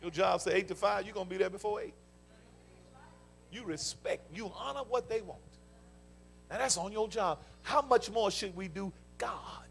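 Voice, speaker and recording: High, gravelly Southern preacher man. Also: moderate pace, pauses often, a bit bright, faint music behind. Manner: fervent preaching with call-and-response interjections; folksy storytelling. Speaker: pastor. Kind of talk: sermon. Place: church sanctuary.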